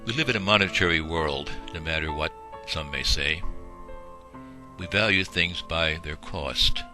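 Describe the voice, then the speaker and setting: A man with a very low, deep voice narrates a home video in a folksy, rambling manner, filling gaps with small fillers. Music plays steadily behind the voice. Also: measured pace. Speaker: shelter volunteer and video narrator.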